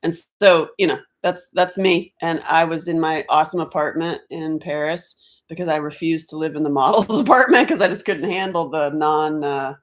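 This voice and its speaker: A middle-aged woman from North Carolina chatting on a live stream at home, rambling and quick to laugh. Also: low voice. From Asheville, North Carolina, US. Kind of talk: casual live-stream chat. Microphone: laptop computer mic.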